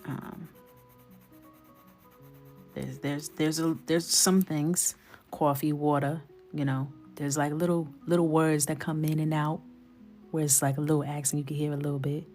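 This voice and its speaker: A woman's voice: low voice, level tone, normal speed, long pauses, warm tone, faint music behind. A woman hosting a live coloring stream, chatting playfully with her viewers and often dropping into a whisper. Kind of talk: casual live-stream chat.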